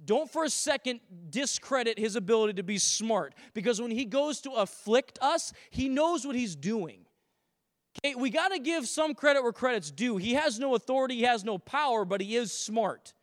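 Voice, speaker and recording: A pastor delivering a sermon in a high, light voice. He preaches with animated emphasis, slips into jokes and acted-out quotes, and his words ring through a church hall with a long reverb. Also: moderate pace. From Canada. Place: church sanctuary.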